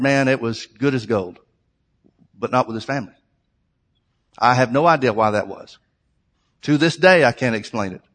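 A man's voice: on the high side, a bit bright. Man preaching in an echoing hall. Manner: earnest, conversational preaching with emphatic repetition. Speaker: pastor. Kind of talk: sermon. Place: church sanctuary. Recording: long reverb of a large hall.

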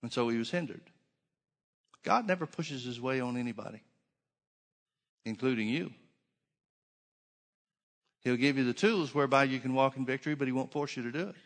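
A man's voice: medium pitch, moderate pace, long pauses, a bit bright. Emphatic male preacher in a reverberant hall. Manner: emphatic, repeats key phrases, rhetorical questions. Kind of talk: sermon.

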